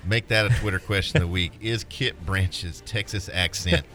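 A man hosting a sports talk show, teasing his co-host with quick remarks. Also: sits low, bright, forceful tone, soft background music.

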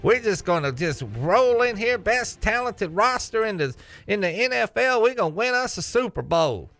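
A man's voice: high voice, sing-song, moderate pace, a bit bright, pitched above the performer's own voice, full character voice. A man doing a put-on Texas accent as a boastful, drawling older football team owner. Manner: drawling, brash, bragging.

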